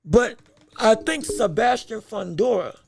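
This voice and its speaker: A man hosting a podcast, in an animated, exaggerated sports rant that swings between playful fury and laughter, often stumbling over his words. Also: high-pitched, unhurried, vocal fry, slight background noise. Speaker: podcast host.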